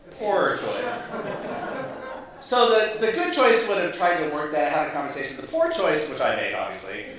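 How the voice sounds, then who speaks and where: Man pastor, self-deprecating storyteller with chuckling asides, voice a bit high, very echoey meeting hall. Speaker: pastor and guest speaker. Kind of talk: humorous storytelling talk.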